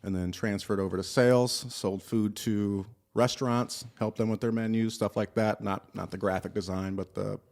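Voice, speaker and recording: Casting: thirties man from Cleveland, low voice, relaxed guest, dry jokes. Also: moderate pace, vocal fry, hardly any pauses. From Cleveland, Ohio, USA. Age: 30s. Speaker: guest, dog trainer. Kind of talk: casual chat.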